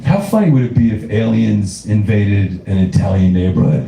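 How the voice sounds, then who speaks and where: Profane stand-up comic in a roomy club. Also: male voice, lowish voice, expressive, moderate pace, creaky, a crowd in the background. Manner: profane, riffing, repetitive, laughing at his own jokes. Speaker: stand-up comedian. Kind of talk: stand-up comedy set. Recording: roomy club with live audience.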